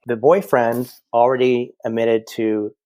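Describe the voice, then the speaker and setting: A man who works as a medium speaks as a podcast guest, telling stories with animation and acting out the conversations. His voice is medium-pitched and measured, with no echo, and he often restarts as he plays out quoted exchanges in this casual storytelling chat.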